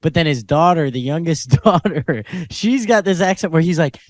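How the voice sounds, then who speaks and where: A man's voice: fairly high pitch, animated, normal speed, no room sound, studio quality. A man co-hosting a podcast in casual chat, laid-back, laughing often and trailing off with fillers. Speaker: podcast co-host.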